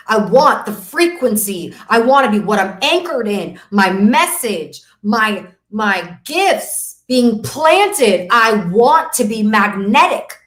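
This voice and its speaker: With a fairly high, expressive, slightly bright voice, a woman business coach hosts a masterclass at a measured pace, barely pausing. She gives a preachy, emphatic, faith-driven motivational webinar talk and repeats phrases for effect, recorded with a roomy echo.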